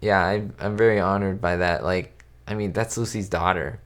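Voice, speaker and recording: A man with a fairly low voice chats casually on a live stream and answers viewers' questions as they come in. He rambles and keeps restarting his sentences. His talk is loose, with lots of "like" and "you know". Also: steady tone, moderate pace, a bit bright. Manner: chatty, rambling, many fillers and restarts. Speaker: YouTube host answering live chat. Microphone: webcam setup at home.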